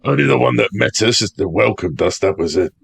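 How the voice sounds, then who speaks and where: A man with a very deep, gravelly voice answers slowly in a tabletop game. His tone is husky and rough at the edges. He hesitates before each answer. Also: lively intonation, faint music behind. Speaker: player.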